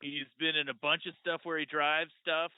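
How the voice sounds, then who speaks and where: A man's voice: a little high, level tone, normal speed, clear, resonant tone, dry recording. A man in casual chat as a guest debater, joking around and trying clumsy impressions, heard on a remote call. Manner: jokey, attempts clumsy impressions. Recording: tinny phone-like line.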